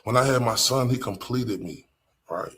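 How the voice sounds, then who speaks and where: A man's voice: mid-range voice, normal speed, fairly bright tone. A man with a Southern US accent hosting a live stream, talking bluntly and with profanity straight to his chat. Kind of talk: casual live-stream commentary.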